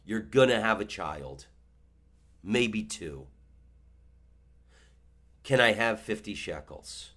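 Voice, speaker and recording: A man's voice: fairly low pitch, animated, slow pace, long pauses, fairly bright tone, full character voice. A man voicing a nosy old bearded holy man who fires blunt questions in a comedy story.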